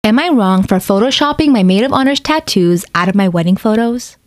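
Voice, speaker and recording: Woman reading a storytime post super fast, dry close mic, no room sound. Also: medium pitch, expressive, dry recording. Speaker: storytime narrator. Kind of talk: reading online stories aloud.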